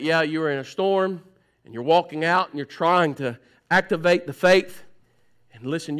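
Preaching to his congregation, this man alternates between urgent, loud stretches and quiet, low appeals, driving points home by repeating phrases.

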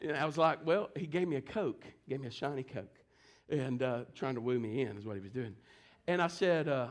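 A man preaching a sermon, telling stories and swinging between quiet, hushed passages and forceful, raised declarations. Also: medium pitch, a little fast. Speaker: pastor.

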